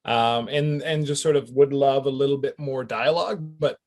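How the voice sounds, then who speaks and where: A middle-aged Canadian man, an actor, chatting in an interview in a relaxed, reflective way with chuckles and fillers. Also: mid-range voice, moderate pace. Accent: Canadian English. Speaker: actor guest. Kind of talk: casual interview chat.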